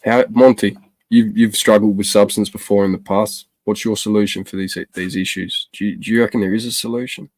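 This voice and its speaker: A man's voice: on the low side, steady tone, brisk, a little mellow, no echo. A man, telling stories in a casual, sweary chat and acting out the voices of people he quotes. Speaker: podcast host.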